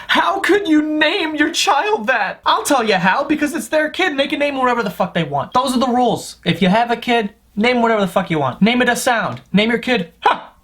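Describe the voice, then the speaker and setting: A man's voice: extremely high pitch, animated, fast, a bit bright. A male comedian delivers a profane, exasperated rant in the style of a stand-up monologue. He argues his points with scornful disbelief and lots of swearing.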